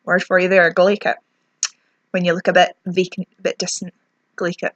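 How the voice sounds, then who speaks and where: A woman's voice: on the low side, completely flat delivery, fast, a bit bright, no room sound, lo-fi sound. Young woman, Scottish accent, ranting review, self-mocking, lips stinging, dry close sound. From Scotland. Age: young adult. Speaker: beauty vlogger. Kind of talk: product review vlog.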